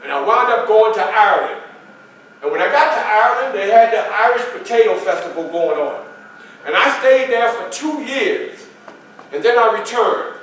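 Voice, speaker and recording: A man's voice: high-pitched, lively intonation, moderate pace, a bit bright, slight background noise. A man performing a first-person historical portrayal, telling his story in a folksy, conversational way at a library event. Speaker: historical reenactor. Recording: echoey room, mic far off.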